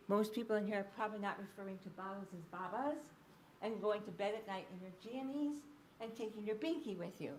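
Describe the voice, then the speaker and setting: A woman's voice: mid-range voice, a little hiss or hum. A woman researcher giving a public lecture in a library space. She talks conversationally, with frequent fillers, restarts and "okay?" check-ins. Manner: restarts and self-corrections mid-sentence.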